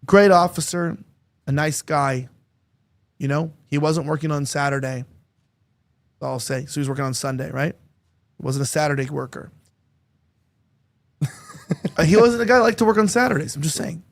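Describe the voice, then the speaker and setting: Animated higher-voiced man telling a story. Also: fairly quick, creaky, long pauses. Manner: animated, crude joking anecdotes. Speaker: podcast host. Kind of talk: casual storytelling chat.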